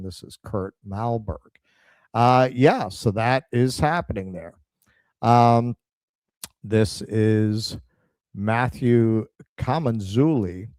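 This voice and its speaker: A man's voice: fairly low pitch, a little mellow, no room sound. A man co-hosting a political stream, reading headlines aloud and adding sardonic comments. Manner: sardonic, reads headlines in a slower measured tone. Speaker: political show co-host.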